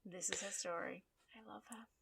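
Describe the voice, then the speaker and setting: Bright-voiced sweary Australian woman. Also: medium pitch, steady tone, moderate pace, gravelly, husky. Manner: sweary, blunt, sarcastic. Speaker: podcast co-host. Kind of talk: casual chat, storytelling.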